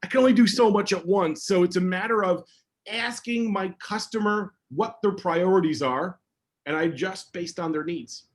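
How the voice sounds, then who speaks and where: A man, a security educator, answering questions in a casual online session with energetic, emphatic talk. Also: sits high, normal speed.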